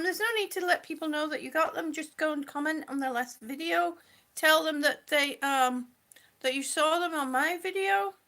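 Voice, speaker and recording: A woman's voice: high voice, sharp tone. A woman hosting a casual livestream, teary and holding back tears, gushing with repeated exclamations as she reads viewers' comments. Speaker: livestream host.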